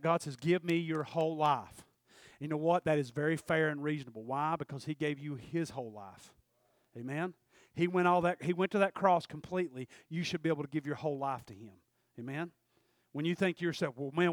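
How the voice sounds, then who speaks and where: A man's voice: on the high side, no room sound, studio quality. A man preaching a sermon, folksy and fiery, often calling out "Amen?" to the congregation.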